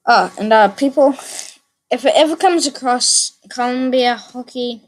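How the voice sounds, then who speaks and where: A woman hosting her own gaming channel, giving excitable let's play commentary, repeating phrases and letting out sudden yelps. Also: fairly high pitch, a little slow.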